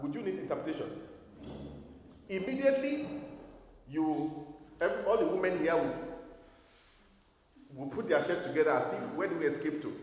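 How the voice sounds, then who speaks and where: Male pastor, sermon, emphatic, rhetorical questions, slightly high voice, long hall reverb. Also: big pitch swings, normal speed, long pauses. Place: church hall. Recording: echoey hall from far off.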